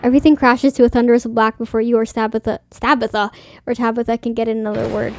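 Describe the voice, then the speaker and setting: A woman's voice: a little high, level tone, fast talker, hardly any pauses, a little mellow, a little hiss or hum. A young woman streaming a horror game, reading its text aloud in a playful, reactive way. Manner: playful, reactive, swears and laughs. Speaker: gaming streamer.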